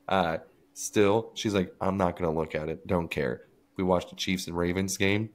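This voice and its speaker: A man's voice: sits low, fairly even intonation, normal speed. A man on a podcast, telling a story in casual chat and acting out what others said. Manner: storytelling, acting out quotes with laughs. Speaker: podcast co-host.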